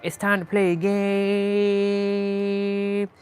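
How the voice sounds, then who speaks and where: A man putting on a slow, menacing game-master villain. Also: high-pitched, completely flat delivery, darkish tone, clean tone, soft background music, voice pushed up.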